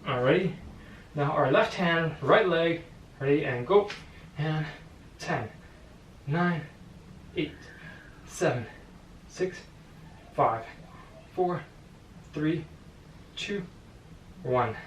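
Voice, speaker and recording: A man's voice: a little high, expressive, very slow, pauses often, a little hiss or hum. A male boxing fitness coach leading a home stretching workout, counting holds aloud with encouraging cues and sounding a little out of breath. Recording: echoey room, mic at a distance.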